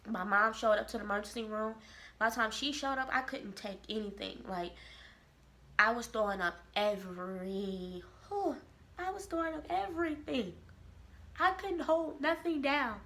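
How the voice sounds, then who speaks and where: A woman from Kansas City, telling a personal story to camera in a lively, expressive way. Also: on the high side, normal speed, gravelly. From Kansas City, Missouri. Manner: animated, expressive storytelling with quoted voices. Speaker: vlogger. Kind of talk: casual storytelling.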